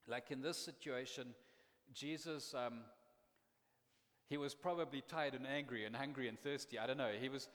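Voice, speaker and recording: A man's voice: medium pitch, fairly even intonation, normal speed, a bit bright. A man pastor preaching a sermon in a conversational, impassioned way, often repeating words as he builds up steam. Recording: long reverb of a large hall.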